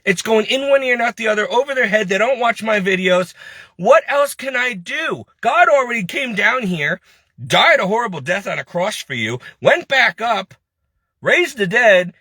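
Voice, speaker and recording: A man's voice: sits high, expressive, moderate pace, bright, forceful tone, no room sound. A man venting in a heated, preachy monologue, scolding and then complaining with frustration. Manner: frustrated, self-pitying. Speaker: lay preacher.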